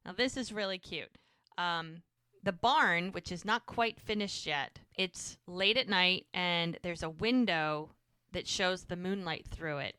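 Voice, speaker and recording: A woman's voice: lowish voice, unhurried, sharp tone, clean tone, no room sound, studio quality. A woman co-hosting a rewatch podcast, chattily recapping an episode scene by scene. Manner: chatty, retells scenes acting out lines.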